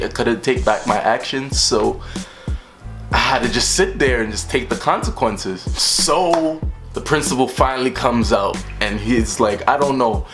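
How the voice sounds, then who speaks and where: A young man telling a storytime vlog in an animated way, acting out the voices of the people in his story. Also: medium pitch. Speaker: vlogger.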